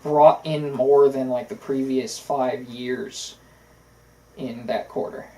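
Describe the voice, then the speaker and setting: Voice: medium pitch, steady tone, slow pace, dark tone, a little hiss or hum, rough recording. An opinionated co-host talking politics in a loose, casual chat. The talk comes in long runs full of "uh" and "so". The tone is conversational and unscripted. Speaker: podcast co-host.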